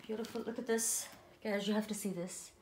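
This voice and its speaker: A woman chatting casually to viewers as she unboxes a doll parcel, gushing and excitable. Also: medium pitch, brisk, reverberant. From Ireland. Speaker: doll collector vlogger.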